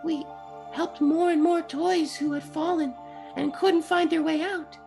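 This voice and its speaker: Olivia, a storybook-style female toy voiced by a woman in a tabletop game, speaks up high above her own voice, slow and patient as she explains. Her tone stays gravelly at the edges. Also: steady tone, a little mellow, faint music behind, exaggerated voice. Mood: explaining. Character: earnest female toy, community leader underground. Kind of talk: tabletop role-play character voice.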